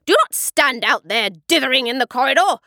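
A woman's voice: high-pitched, lively intonation, brisk, pushed and bright, no echo, studio quality, pitched above the performer's own voice, heavily acted. A woman voicing an impatient, commanding female witch leader in a storybook reading, snapping her orders. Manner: snapping, bossy.

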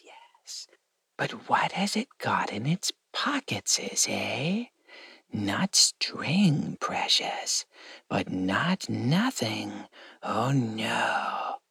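A man voicing a slimy, sly creature that whispers and hisses to itself, slow and wheedling. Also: lowish voice, sharp tone, no echo, heavily acted. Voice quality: whispery, hissing, gravelly. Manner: slow, wheedling, talks to himself as precious.

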